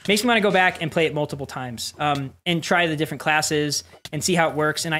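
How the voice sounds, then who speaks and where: Excitable live gameplay streamer. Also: mid-range voice, a little hiss or hum. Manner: rambling and excitable, with sudden yelps. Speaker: streamer playing community-made game bosses.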